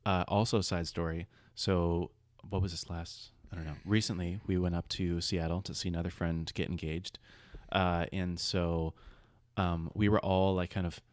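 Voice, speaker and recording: A young man in his twenties hosts a relaxed podcast conversation, drifting from one side story to the next with plenty of fillers. His voice sits very low, and the recording is dry with no room sound. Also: normal speed, no echo. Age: 20s. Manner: rambling storyteller, full of side stories and fillers. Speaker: podcast host. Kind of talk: casual podcast chat.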